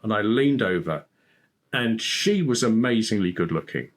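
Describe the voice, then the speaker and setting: A man guesting on a podcast as a speaking coach, telling stories in an animated way and laughing often. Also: fairly low pitch, normal speed. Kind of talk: storytelling in conversation.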